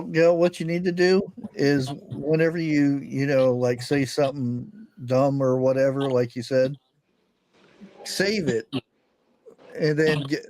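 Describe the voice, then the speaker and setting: An easygoing man chats on a panel and often halts and restarts his sentences. His voice sits somewhat high, and the recording is dry and close. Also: a little mellow, no room sound, low-quality recording. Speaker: panel guest. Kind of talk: casual panel chat.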